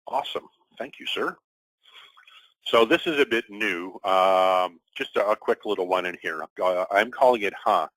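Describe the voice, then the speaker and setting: A middle-aged man presenting a business webinar in a friendly, relaxed way, with frequent fillers. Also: deep voice, moderate pace, dry recording, low-quality recording.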